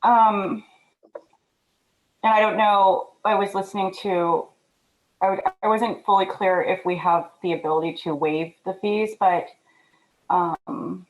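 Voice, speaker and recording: Woman, board member on a video call. Mid pitch, tentative, thinking aloud. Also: fairly even intonation, a little slow, long pauses, slight background noise, poor audio. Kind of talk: online meeting discussion.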